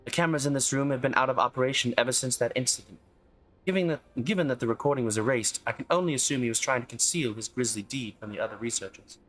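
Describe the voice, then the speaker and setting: A man reading a game's dialogue aloud, voicing an earnest young woman investigator in a measured way. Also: medium pitch, fairly bright tone, voice pushed up, close to an everyday voice. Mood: grave. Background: faint game music.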